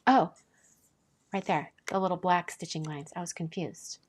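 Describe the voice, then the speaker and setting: A woman hosting a casual live stream, chatting and gushing as she opens mail, often dropping to a soft whisper. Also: on the low side, fairly even intonation, moderate pace, a little hiss or hum. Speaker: card-making channel host.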